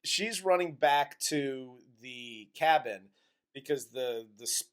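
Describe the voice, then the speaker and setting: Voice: mid-range voice, lively intonation, slow, smooth. A co-host of a comedy movie review podcast, retelling the plot in a crude, exasperated, laughing way.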